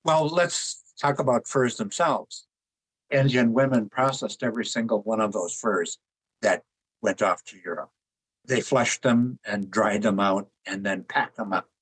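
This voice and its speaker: Older man, husky, unhurried anecdotal interview guest. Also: on the low side, low-quality recording. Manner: relaxed anecdotal, chuckles at his own jokes. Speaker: author and artist guest. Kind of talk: conversational interview storytelling.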